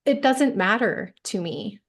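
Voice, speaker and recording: A woman's voice: medium pitch, animated, a little slow. A woman coach talking as a podcast guest, reflective and emphatic, often checking in with "right?". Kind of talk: casual interview chat.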